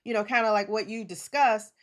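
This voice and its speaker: A woman's voice: medium pitch, a little fast. A woman in her forties hosting a casual chat, affirming her guest with frequent murmurs of agreement. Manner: warm affirming, many listening murmurs.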